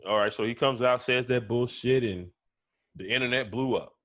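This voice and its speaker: A man's voice: mid-range voice, moderate pace, fairly bright tone, no room sound. Casual man talking sports, dry sound. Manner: conversational, frequent "you know what I'm saying", repeats words. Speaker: podcast co-host.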